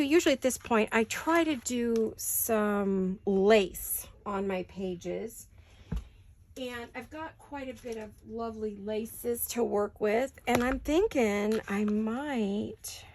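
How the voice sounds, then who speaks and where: Chatty crafting woman with a gravelly edge. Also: medium pitch, normal speed, a little hiss or hum. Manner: chatty, thinks aloud while working, asks viewers questions. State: has the hiccups. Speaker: craft channel host. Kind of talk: casual craft-along chat. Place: home craft studio.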